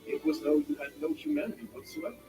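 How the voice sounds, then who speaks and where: An actor playing an earnest, formal young male student in a video game, speaking in measured, sincere tones. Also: very high voice, creaky, mellow, heavily acted. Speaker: game character. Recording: game audio heard from far off over music.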